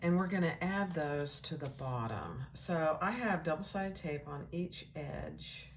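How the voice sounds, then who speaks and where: A woman with a low voice talks through a sewing project at an unhurried pace, relaxed and chatty, thinking aloud as she goes. A faint hum of noise sits behind her. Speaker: sewing instructor. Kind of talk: casual sewing tutorial.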